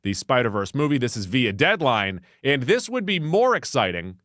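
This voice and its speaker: Male podcast co-host, wry and joking, with an animated, lively pitch. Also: normal speed, no echo, clean studio sound. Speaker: podcast co-host reading the news. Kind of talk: casual movie news chat.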